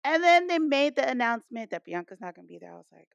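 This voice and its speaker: A woman co-host in a casual group chat about wrestling, telling an animated, profane story. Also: high-pitched, fast, gravelly, dry recording, muffled recording.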